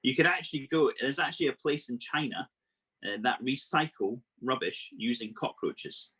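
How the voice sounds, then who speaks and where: A man presenting an exotic animal workshop over a video call, explaining facts to children in a lively, playful way. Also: medium pitch, normal speed, husky.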